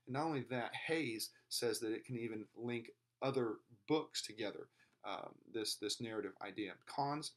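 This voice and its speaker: A man lecturing informally, explaining at length and often pausing with fillers and restarts. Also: lowish voice.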